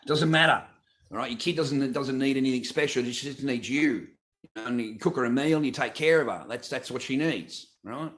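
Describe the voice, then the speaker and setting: A man's voice: medium pitch, fairly quick, fairly bright tone. A man hosting a live stream from his garage on a phone camera, talking casually in a blunt, profane, ranting way. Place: home garage.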